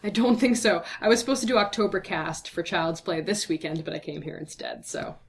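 Here a young female guest responds to interview questions in a brisk, lowish voice with noticeable vocal fry. She's talkative and upbeat, sprinkling in many fillers, and her voice sounds fatigued and slightly slurred after talking all day.

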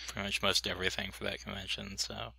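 A man's voice: deep voice, flat delivery, quick pace, vocal fry, sharp tone, no room sound. A man joking in casual podcast chat, dropping wry asides.

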